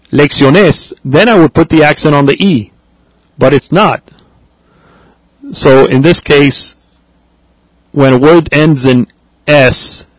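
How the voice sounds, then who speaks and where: Slow, patient male language teacher. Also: medium pitch, no echo, rough recording. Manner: patient, slow and deliberate, spells out words and repeats them. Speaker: Spanish teacher. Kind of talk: classroom grammar lesson.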